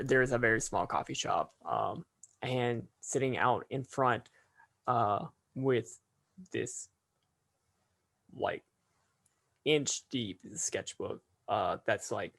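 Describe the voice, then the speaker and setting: A man's voice: medium pitch, vocal fry, dry recording. A man narrating as game master for a tabletop game, hesitant and full of fillers.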